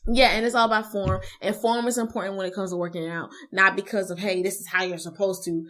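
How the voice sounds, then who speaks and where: A young woman co-hosting a casual chat show, talking in an animated way and acting out little voices as she tells stories. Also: medium pitch, fast. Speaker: co-host.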